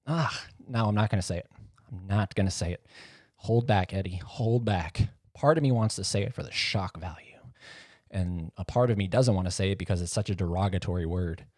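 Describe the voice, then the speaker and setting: A man hosts a casual solo podcast, rambling in a lowish, slightly mellow voice into a close mic on a dry recording. His monologue is jokey and self-mocking.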